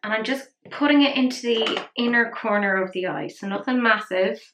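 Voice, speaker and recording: A woman's voice: fairly high pitch, normal speed, noisy background. A woman chatting casually through a makeup tutorial, rambling and poking fun at herself. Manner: chatty, self-mocking, rambling asides. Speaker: makeup vlogger. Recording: roomy echo.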